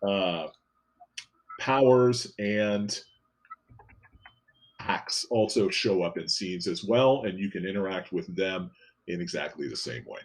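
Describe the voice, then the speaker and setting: A man with a fairly low voice runs a tabletop role-playing game. He narrates scenes and walks players through the rules at an easy, explanatory pace, often pausing with fillers. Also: breathy edge. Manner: relaxed, explanatory, with frequent fillers. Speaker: game master.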